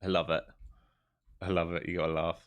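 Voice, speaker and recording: Give me an English man with a low voice doing live trading commentary in a relaxed, joking way. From England. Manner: chatty, laughs often, quick jokes between chart calls. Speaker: live day-trading streamer.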